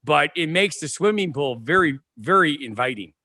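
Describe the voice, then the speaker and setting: This podcast co-host, a Midwestern American man, has a bright voice pitched a bit above most men's. Animated and chatty at a normal pace, he tells rambling stories and keeps interrupting and restarting himself. The sound is dry and close with no echo, like a video call.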